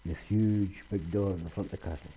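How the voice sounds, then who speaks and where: A man telling a traditional folk tale aloud in a homely, unhurried way. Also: sits low, fairly even intonation, warm tone, highs cut off, slight background noise. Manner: homely, unhurried, repetitive "he says". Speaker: storyteller.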